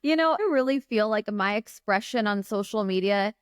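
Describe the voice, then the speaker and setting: Smooth-voiced woman business mentor. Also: mid-range voice, expressive, moderate pace, dry recording, clean studio sound. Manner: reflective, earnest, filler-heavy with "like". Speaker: business mentor, podcast guest. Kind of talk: casual interview chat.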